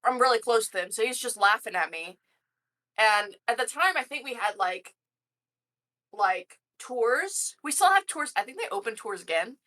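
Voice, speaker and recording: A woman designer telling a story in casual chat, loud and crude, full of swearing and fillers, with a high-pitched snorting laugh. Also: expressive, normal speed. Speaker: game systems designer, guest.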